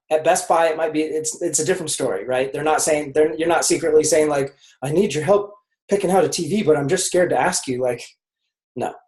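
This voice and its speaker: A man's voice: fairly high pitch, darkish tone. Casual male sales coach, echoey. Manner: casual, filler-heavy, acts out dialogue. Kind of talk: coaching call talk.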